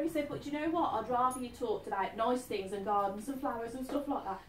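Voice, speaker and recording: A woman's voice: a little high, fast, slight background noise. Chatty woman in her fifties. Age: 50s. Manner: chatty, animated, keeps checking in with the listener. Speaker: medium. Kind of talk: live stage reading to an audience. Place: event hall. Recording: echoey hall, distant mic.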